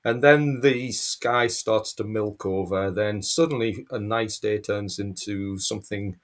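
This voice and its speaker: A man speaking as a guest on a chat show, hesitant and halting, with many fillers. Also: on the low side. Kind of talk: casual chat.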